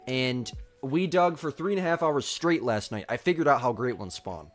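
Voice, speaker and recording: A man's voice: medium pitch, animated, moderate pace, faint music behind. A young man chatting casually on a live gaming stream, reading chat and talking through a nagging cough. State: sick with a cough.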